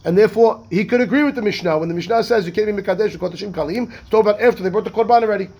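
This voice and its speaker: A man, a rabbi teaching a Talmud class, reading text quickly and explaining it in rhetorical questions. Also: high voice, slightly rough. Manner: animated, reads Hebrew text fast then explains in English; asks rhetorical questions, acts out the rabbis' voices.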